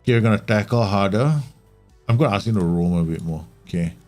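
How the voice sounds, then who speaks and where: Male game streamer, lowish voice, excitable live match commentary, faint background music. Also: fast. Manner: animated, exclaiming and grumbling at the match. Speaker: streamer playing a football management game.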